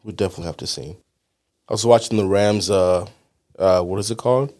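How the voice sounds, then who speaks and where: A young man co-hosting a casual sports chat, easygoing and agreeable, quick to laugh. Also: low voice, a little mellow. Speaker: co-host.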